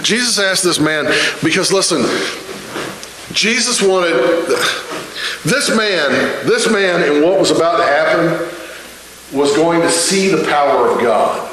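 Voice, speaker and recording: A man's voice: on the high side, expressive, slow pace, a bit bright, a little hiss or hum. A man preaching a sermon with fervor, driving points home by repeating his phrases. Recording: echoey room.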